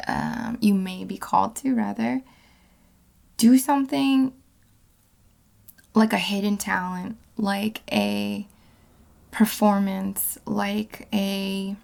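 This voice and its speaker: Gravelly-voiced woman reading tarot. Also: medium pitch, darkish tone. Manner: rambling, with many fillers and self-corrections. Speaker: tarot card reader.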